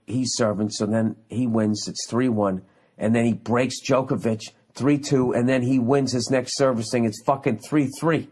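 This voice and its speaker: A man's voice: mid-range voice, a little mellow, husky. A man in his forties hosting his own podcast, telling a story in a heated, profane, ranting way. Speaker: podcast host. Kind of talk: casual solo podcast monologue.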